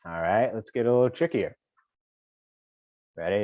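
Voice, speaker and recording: Slow, low-voiced man leading a poetry workshop. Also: lively intonation, background noise. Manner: encouraging, counts beats aloud, rhythmic. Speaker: poet teaching a workshop for teachers. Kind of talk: leading a virtual workshop with clap counts. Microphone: video call.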